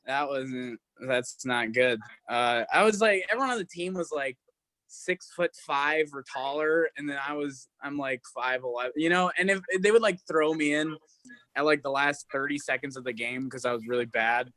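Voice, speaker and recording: A young man in his twenties doing stand-up with a bright, forceful tone. He talks in a halting, self-deprecating way and fills gaps with "uh" and "like". The sound is dry and close, with no room around it. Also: mid-range voice, no echo. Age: 20s. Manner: halting, self-deprecating delivery with many fillers. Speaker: stand-up comic. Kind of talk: stand-up set over a video call.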